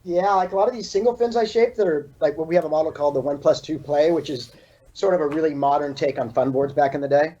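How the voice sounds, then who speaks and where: A Californian who shapes surfboards chats in a relaxed, rapid interview, leaning heavily on "like" and "you know." He has a mellow, slightly high voice, captured over a video call in dull, lo-fi audio.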